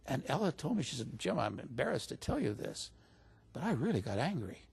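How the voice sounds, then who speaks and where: A man's voice: mid-range voice, very animated, fairly quick, vocal fry, a little mellow, husky. A man as an interview guest, telling a story in a casual way and lifting his voice when he quotes other people. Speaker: interview guest recounting stories.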